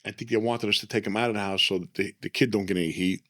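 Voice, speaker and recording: A man tells a story in casual chat. He is animated and keeps circling back with "right?" and repeated phrases. His voice is recorded close and dry, with no room sound. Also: lowish voice, racing, dry recording. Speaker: former mobster guest.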